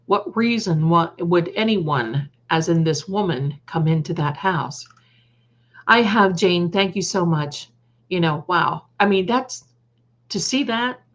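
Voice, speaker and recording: Slow, halting woman on a livestream. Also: fairly low pitch, lively intonation, lo-fi sound. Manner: halting, trails off and restarts; reads out word lists slowly. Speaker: psychic livestream host. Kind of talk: livestream chat with viewers.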